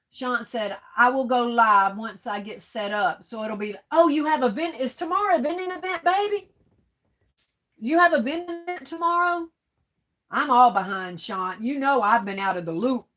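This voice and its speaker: A woman with a slightly high voice hosts a casual craft livestream. She reads viewer comments out loud and answers them in loose, colloquial speech. She calls her viewers darling, honey and baby doll. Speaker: livestream host.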